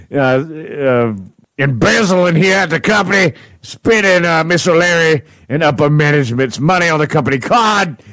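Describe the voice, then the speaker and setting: A man's voice: a little high, fairly bright tone, dry recording, rough recording. A man hosting a radio show, doing a rowdy prank-call bit and laughing a lot as he mocks a coworker. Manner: mocking, laughs often. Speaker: radio host. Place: radio studio.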